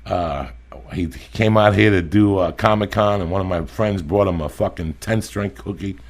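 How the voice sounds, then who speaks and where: Gravelly-voiced male podcast host. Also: low voice, moderate pace. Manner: friendly, loose and profane. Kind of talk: casual podcast chat.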